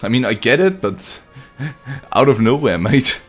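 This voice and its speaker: A man's voice: mid-range voice, big pitch swings, unhurried, soft background music. A young man live-streaming a game, chatting casually with viewers, joking, swearing and laughing often.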